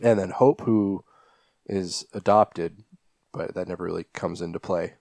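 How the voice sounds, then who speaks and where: Low-voiced rambling podcast host. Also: male voice, steady tone, a little slow, creaky, a little mellow, dry recording. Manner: rambling, many fillers and restarts. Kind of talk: casual podcast chat recapping a film.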